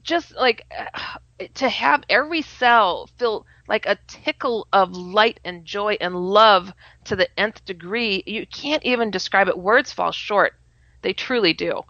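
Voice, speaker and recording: A woman telling a personal story in casual talk, animated, often laughing and acting out her own quoted words. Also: medium pitch, a little slow, no echo. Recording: slightly muffled audio.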